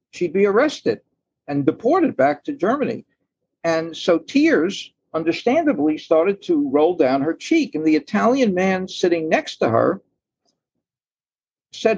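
A man's voice: a little high, animated, moderate pace, a little mellow, slightly rough, no room sound, dull audio. A man telling stories as a guest on a podcast interview, thoughtful, acting out the lines of the people in them. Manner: thoughtful storyteller, acts out quoted lines. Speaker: guest author.

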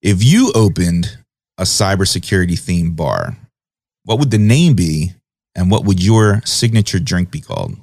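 A man hosting an interview, asking easygoing questions in a relaxed, casual manner. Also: low-pitched, moderate pace, dry recording, clean studio sound. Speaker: podcast host.

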